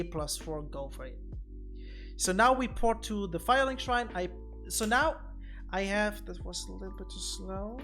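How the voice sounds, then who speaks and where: A streamer giving casual gameplay commentary on a desk mic, thinking aloud and often repeating words while explaining boss fights. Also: medium pitch.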